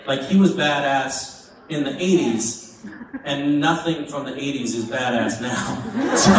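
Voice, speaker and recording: A man's voice: medium pitch, measured pace, far from the mic, a crowd in the background. A man taking fan questions at a convention panel, joking wryly and laughing often at himself. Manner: wry, self-mocking, laughs often. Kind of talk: joking, casual Q&A on stage. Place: large convention hall. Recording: echoey hall picked up from afar, background noise.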